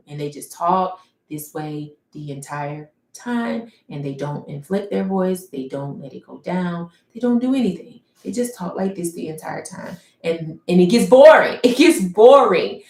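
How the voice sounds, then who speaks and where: A woman telling her personal story during a livestream, reflective and searching for words, with many pauses and restarts. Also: fairly low pitch. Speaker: painter livestreaming. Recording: roomy echo.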